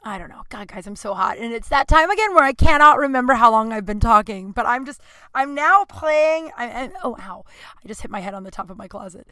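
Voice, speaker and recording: A woman's voice: a little high, animated, fast, sharp tone, smooth, no echo. A woman in her thirties hosting a podcast alone, telling stories in a rambling, chatty way full of fillers and self-aware laughs, recorded in a small closet at home. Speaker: podcast host. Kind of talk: casual storytelling monologue.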